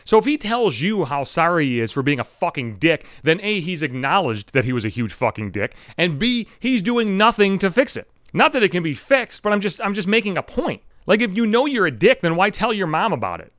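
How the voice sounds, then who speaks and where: A man's voice: high voice, big pitch swings, a little fast, few pauses, fairly bright tone, no echo, studio quality. A young adult man hosting a solo podcast, ranting angrily with heavy profanity. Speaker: podcast host.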